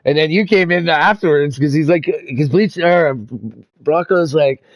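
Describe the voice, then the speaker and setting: A man's voice: on the high side, unhurried, dry recording, dull audio. Laid-back swearing young man, dry sound. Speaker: sim racing streamer. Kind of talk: casual chat over voice chat.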